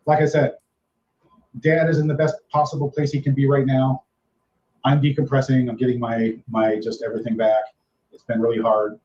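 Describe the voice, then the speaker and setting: Guy rambling on his livestream, saying hi to chat, warm low tone, kinda muffled. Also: little pitch movement, moderate pace, echoey room, a little hiss or hum. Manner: rambling, greeting viewers in chat. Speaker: livestream host. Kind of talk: casual live-stream chat. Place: home in the Philippines.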